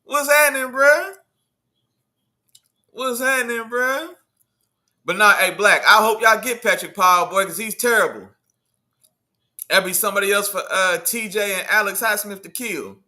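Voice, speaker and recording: A man hosting a casual sports livestream, talking in loose slang, riffing and answering his chat in an animated way. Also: sits high, normal speed. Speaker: livestream host.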